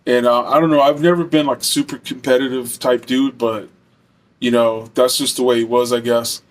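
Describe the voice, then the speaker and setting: Young man, casual storytime, rambling, lots of fillers, mid-pitched. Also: flat delivery, normal speed. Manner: rambling, heavy fillers, profane.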